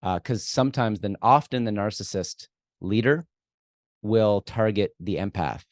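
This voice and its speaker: A man's voice: fairly low pitch, measured pace, no room sound, clean studio sound. A man speaking as a guest expert in an interview, giving direct, emphatic advice and acting out the lines he suggests people say. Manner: direct, emphatic, acts out what to say. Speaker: guest expert on workplace conflict.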